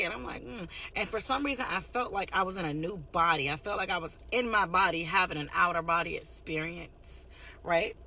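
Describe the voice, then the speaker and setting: A woman's voice: lowish voice, sharp tone, slight background noise. A woman giving a candid, heartfelt personal faith testimony in a casual, rambling way. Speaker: testimony speaker.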